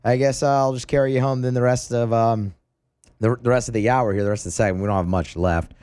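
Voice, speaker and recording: A man's voice: medium pitch, fairly even intonation, fast talker, a little mellow, dry recording. A man hosting live sports radio, talking casually with lots of fillers. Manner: casual, loose, many fillers. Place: radio studio at a media event.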